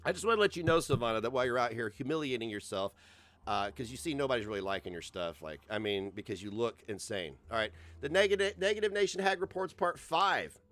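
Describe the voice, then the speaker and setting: A man's voice: lowish voice, expressive, quick pace, a bit bright, soft background music. A man ranting sarcastically in a reaction commentary, mocking and swearing freely. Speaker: commentary streamer.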